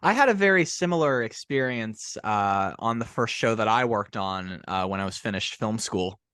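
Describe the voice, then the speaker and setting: A man's voice: fairly low pitch, lively intonation, moderate pace, a bit bright, clear, resonant tone, dry recording, clean studio sound. A man hosting a podcast interview, telling a story in a chatty, joking way. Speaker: podcast host. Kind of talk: casual interview chat.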